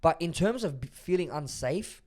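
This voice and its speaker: Australian man, young adult, casual podcast chat, higher-pitched, relaxed storyteller. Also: normal speed. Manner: easygoing storyteller, peppers talk with "bro" and "like". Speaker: podcast co-host.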